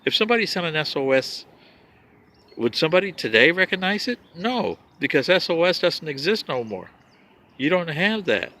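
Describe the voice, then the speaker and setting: A man's voice: fairly high pitch, sing-song, moderate pace, sharp tone. A man delivering a rambling, lecturing vlog monologue, addressing humans as an outsider, with scoffing asides. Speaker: vlogger.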